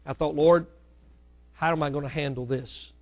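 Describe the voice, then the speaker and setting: A middle-aged male pastor preaching a sermon, with sudden loud climbs and hushed drops. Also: on the high side, steady tone, normal speed, soft background music.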